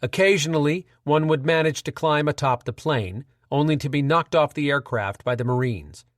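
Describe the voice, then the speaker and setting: A man narrating an audiobook in a dramatic, measured reading. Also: on the high side, no room sound, studio quality.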